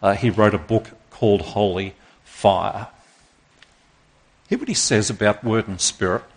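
A man's voice: lowish voice, fairly even intonation, measured pace. Earnest male pastor preaching. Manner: earnest, emphatic preaching that quizzes the congregation. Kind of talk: sermon.

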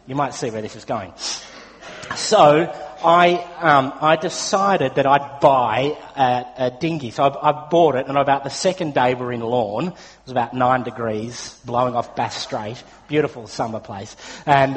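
A man's voice: medium pitch, a little slow. An Australian man preaching a sermon, telling a personal story in a chatty way with frequent fillers. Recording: long hall reverb.

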